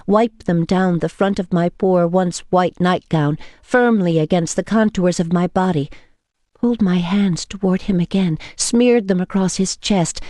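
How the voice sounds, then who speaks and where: A woman reading a novel in first person as an audiobook narrator, measured and intimate. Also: medium pitch, mellow, no echo, clean studio sound.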